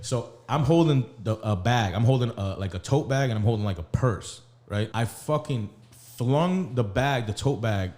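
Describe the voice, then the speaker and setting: A man's voice: mid-range voice, expressive, moderate pace, a little mellow. A man hosting a podcast, telling a personal story in casual, profane chat. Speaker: podcast host.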